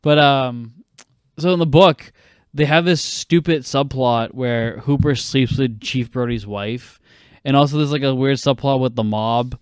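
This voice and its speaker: Young male film-podcast host; excitable, profane, smooth clean tone. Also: mid-range voice, dry recording, clean studio sound. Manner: animated, swears a lot, quick bursts. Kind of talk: casual film chat.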